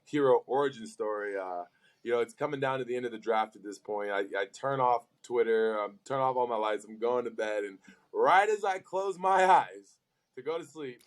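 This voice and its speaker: A man in his twenties, a pro football player on as a guest, tells stories in a casual, animated way, full of "like" and "you know.". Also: mid-range voice, moderate pace. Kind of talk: casual storytelling.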